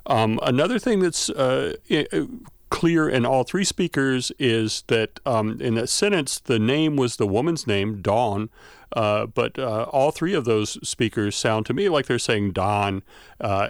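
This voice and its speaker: A male academic guest on a radio show, thoughtfully explaining with frequent pauses and fillers. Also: mid-range voice, no echo, studio quality. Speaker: guest expert, folklore and language scholar.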